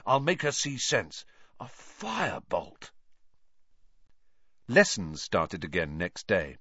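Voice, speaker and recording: A man narrating an audiobook in an expressive storytelling manner. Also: deep voice, no echo. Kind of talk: scripted narration. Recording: dry, dull lo-fi.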